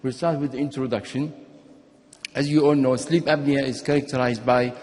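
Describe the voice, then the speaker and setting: A man's voice: mid-range voice, moderate pace. Man lecturing in a reverberant hall. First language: Arabic. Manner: explanatory, steady, sometimes restarts and repeats words. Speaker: physician giving a conference talk. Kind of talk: medical conference lecture.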